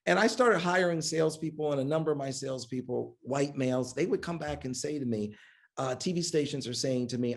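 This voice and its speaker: A man's voice: medium pitch, brisk. A man as a guest in a live conversation, telling stories animatedly and acting out other people's lines. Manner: acts out quoted voices, lively and emphatic. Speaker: guest, media executive. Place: event hall on stage.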